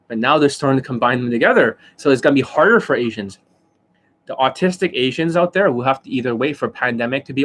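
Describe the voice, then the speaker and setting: A middle-aged man talks at an ordinary pitch in a loose, unscripted live-stream rant. He boasts, swears freely and keeps cracking himself up with laughter mid-sentence. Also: a bit bright. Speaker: dating coach.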